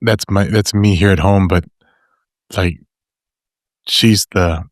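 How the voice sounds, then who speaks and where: A man's voice: low voice, fairly even intonation, takes it slowly, no echo, studio quality. A man in casual chat, telling a joking story about home life.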